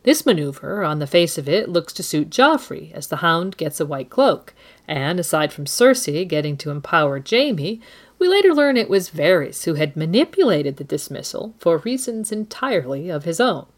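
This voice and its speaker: A woman's voice: lowish voice, very animated, moderate pace. A woman co-hosting a book discussion podcast, narrating expressively and reading quotes aloud. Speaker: co-host.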